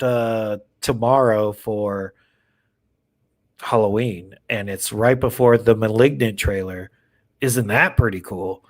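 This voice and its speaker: A man hosting a horror movie livestream, chatting casually with viewers in a rambling, excitable way and swearing now and then. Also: medium pitch, slow, long pauses. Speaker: horror channel livestream host.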